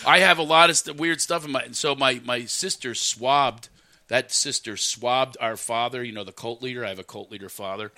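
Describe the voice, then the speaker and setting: A middle-aged man telling stories in a casual chat, animated and acting out quotes with loud high shouts. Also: moderate pace, no room sound. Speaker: comedian telling stories on a podcast.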